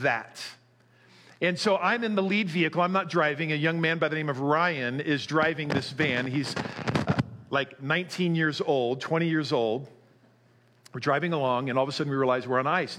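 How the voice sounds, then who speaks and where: A middle-aged man preaching a sermon, telling a story with animation before turning quiet and earnest. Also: sits high. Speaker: pastor.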